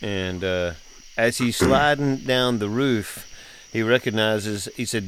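A man's voice: on the low side, slow pace, a bit bright, a little hiss or hum. Folksy middle-aged man. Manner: folksy, drawling, laughs often. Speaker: podcast host, father. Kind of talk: casual storytelling chat.

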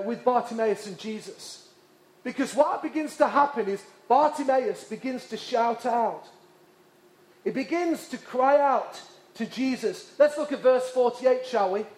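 High-voiced preacher in an echoey hall. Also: male voice. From England. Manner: passionate, repetitive emphasis, drops to hushed tones. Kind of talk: sermon.

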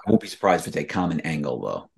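A low-pitched man hosting a podcast and leading a relaxed conversation. He steers the talk and puts questions to the others. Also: rapid-fire, vocal fry. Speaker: podcast host. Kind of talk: casual chat.

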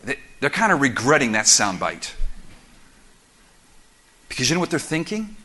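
A man preaching a sermon as pastor, explaining scripture verse by verse in an animated, conversational way with quick asides. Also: mid-range voice. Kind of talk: expository sermon.

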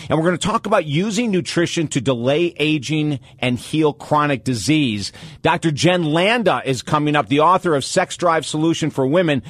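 A man hosting a radio talk show with an energetic, motivational delivery. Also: fairly high pitch, moderate pace, no room sound, clean studio sound.

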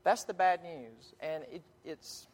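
A man preaching a sermon in earnest, emphatic tones, with dramatic pauses and frequent restarts, in a church sanctuary. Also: fairly high pitch. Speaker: pastor. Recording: long hall reverb.

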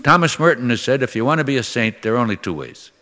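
A man's voice: medium pitch, expressive, quick pace, pushed and bright, long reverb tail. An older man, a priest from Minnesota, preaching in a folksy, conversational way and acting out the voices in his stories. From Minnesota, USA. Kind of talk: sermon with storytelling.

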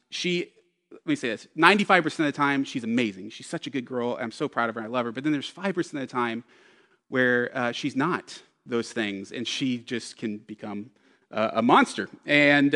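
A man's voice: medium pitch, fairly bright tone, long reverb tail. A man in his thirties preaching a sermon, telling a personal story with self-deprecating humor. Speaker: pastor.

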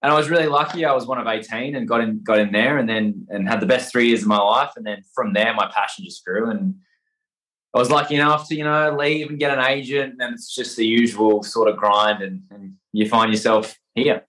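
A man's voice: mid-range voice, steady tone, a little fast, fairly bright tone, rough recording. A young man with an Australian accent, a guest actor chatting casually in an interview, full of fillers and restarts. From Perth, Western Australia. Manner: rambling, hesitant, many fillers and restarts.

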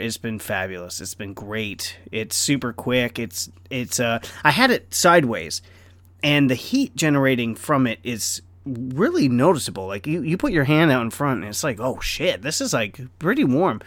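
A man's voice: medium pitch, lively intonation, moderate pace, a bit bright, no echo. A middle-aged man rambling casually in a vlog, self-deprecating and laughing often, with lots of fillers. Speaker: vlogger.

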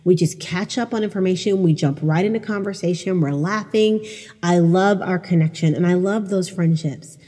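Middle-aged woman host, low husky voice, candid and self-deprecating, reverby room. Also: moderate pace, dark tone. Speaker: podcast host. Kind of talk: personal storytelling monologue.

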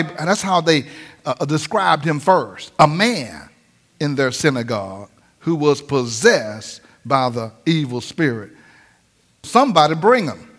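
High-voiced lively preaching man. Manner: lively preaching, acts out voices, laughs often. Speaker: pastor. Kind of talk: sermon. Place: church sanctuary.

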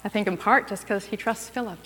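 A woman's voice: mid-range voice, brisk, a bit bright. A woman preaching a sermon in a church, speaking conversationally and putting questions to her listeners. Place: church sanctuary. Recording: long reverb of a large room.

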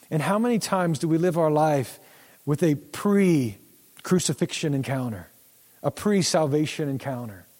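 A man's voice: on the high side, mellow. A man pastor giving a sermon in a conversational way and acting out the voices of the Bible figures. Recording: long hall reverb.

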